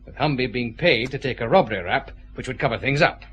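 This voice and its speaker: An actor with a Scottish accent playing a methodical, confident detective chief inspector pressing suspects in a radio drama. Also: male voice, medium pitch, fast talker, a bit bright, close to an everyday voice.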